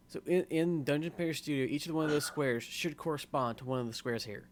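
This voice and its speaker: A man's voice: a little high, fast talker, hardly any pauses. A man, a player in a tabletop game, explaining casually and joking with friends. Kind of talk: casual chat.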